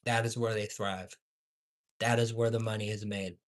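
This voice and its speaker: A man ranting with heavy swearing as a fast food commentator, swinging between heated shouts and low mutters. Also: flat delivery.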